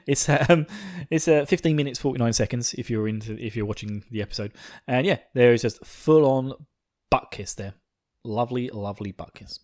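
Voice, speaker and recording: A man hosting a podcast, recapping an episode in a gushing, excitable, swearing way. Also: mid-range voice, normal speed. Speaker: podcast host.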